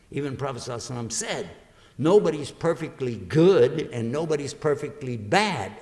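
A man preaching to an audience in a lecture, acting out little dialogues and quizzing his listeners. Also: mid-range voice. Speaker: Islamic preacher giving a lecture. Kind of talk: lively religious lecture to an audience. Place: large university lecture hall. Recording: long reverb of a lecture hall.

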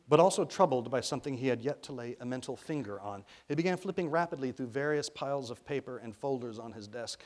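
A man's voice: medium pitch, quick pace. Man from Arkansas reading a story aloud. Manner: lively storytelling narration. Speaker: author reading his novel. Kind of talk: reading a children's novel aloud.

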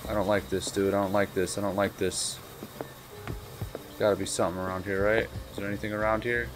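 A man's voice: lowish voice, little pitch movement, fairly quick, noisy background. A young man giving casual let's-play commentary, jittery and swearing, repeating himself as he plays. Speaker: gamer.

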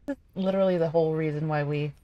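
A woman with a slightly low voice hosts a gameplay video. She chats casually and excitably, talking to herself as she plays. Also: fast, lo-fi sound. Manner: chatty, excitable, talks to herself while playing. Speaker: gaming video host.

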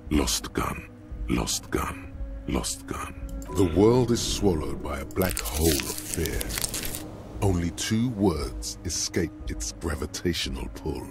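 A very deep, ominous inner voice. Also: male voice, lively intonation, measured pace, full character voice. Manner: commanding, mocking, ominous narration. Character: grave male inner voice narrating the game. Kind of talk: video game narration. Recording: game music underneath. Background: game music.

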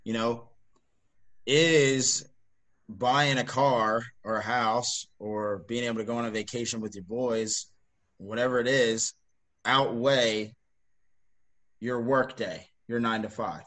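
Easygoing man, rambling casual talk. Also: mid-range voice. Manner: relaxed, rambling, heavy on "like" and "you know". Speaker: podcast co-host. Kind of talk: casual chat.

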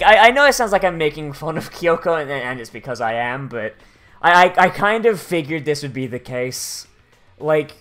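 Give me a crude, sarcastic young woman narrating a video game playthrough over quiet background music. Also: deep voice. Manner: crude, heavily profane, sarcastic, rambling. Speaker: let's play host. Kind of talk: gameplay commentary reading game text aloud. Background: faint game music.

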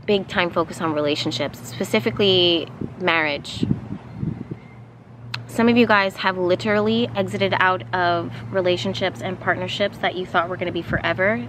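A woman with a slightly low voice gives an unscripted spiritual card reading outdoors. She wanders through her thoughts with fillers and little laughs. Clear outdoor ambience and passing vehicles sit behind her voice. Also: steady tone, normal speed, background noise. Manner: meandering, with frequent fillers and soft laughs. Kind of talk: casual channeled reading.

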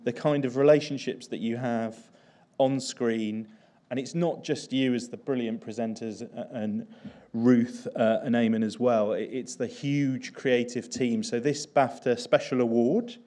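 A man's voice: mid-range voice, steady tone, a little slow, mellow. A man giving an earnest, somewhat hesitant award presentation speech.

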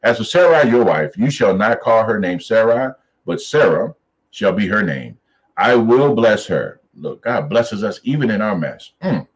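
Animated preacherly man teaching scripture. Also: fairly low pitch, rough recording. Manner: animated, preacherly, reads scripture slowly then riffs on it. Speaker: Bible study teacher. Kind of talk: Bible study teaching.

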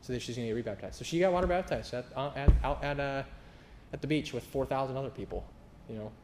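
A man's voice: mid-range voice, fast, a little mellow, echoey room, a little hiss or hum. A man preaching a sermon in a casual, sarcastic, flippant way, acting out other people's voices as he tells stories. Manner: acts out quoted voices in storytelling. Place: church.

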